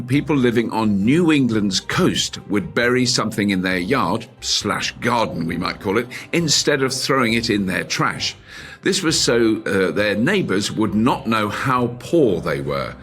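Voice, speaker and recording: A man's voice: on the low side, fairly bright tone. A British man setting a question on a comedy panel podcast, rambling with fillers. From Britain. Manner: rambling, full of fillers and restarts. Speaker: question-setter on a panel game.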